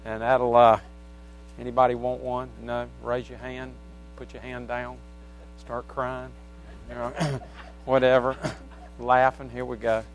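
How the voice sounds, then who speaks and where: A man's voice: mid-range voice, completely flat delivery, a little slow, pauses often, highs cut off, a little hiss or hum. A man preaching a midweek church service, mixing folksy asides to the congregation with scripture reading. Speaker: pastor. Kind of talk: sermon. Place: church sanctuary. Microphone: wireless handheld microphone.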